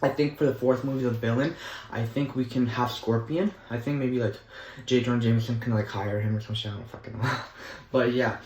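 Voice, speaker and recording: Young guy vlogging, rambly and excited, lots of um and like, echoey room. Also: medium pitch, brisk. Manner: rambling and enthusiastic, with many fillers. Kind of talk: casual chat.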